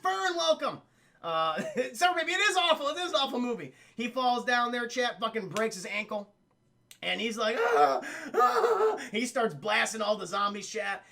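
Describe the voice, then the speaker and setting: A man's voice: high-pitched, vocal fry, bright, forceful tone. A man streaming a profane, laughing film recap and talking to his chat.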